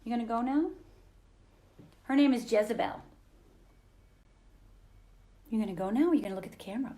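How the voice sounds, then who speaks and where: A woman's voice: on the high side, expressive, fairly quick, warm tone. A woman hosting a motivational live stream from home on her phone. She talks in an earnest, encouraging way and often repeats phrases.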